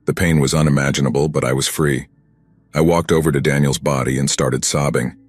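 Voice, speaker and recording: Very deep husky male horror narrator. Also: brisk. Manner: steady, grim first-person telling. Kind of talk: scripted horror story narration.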